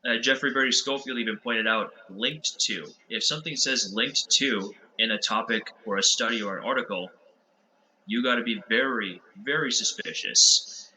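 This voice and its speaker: A man guesting on a podcast, telling stories in an animated, amused way in casual conversation. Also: medium pitch, fairly quick, a little hiss or hum, poor audio.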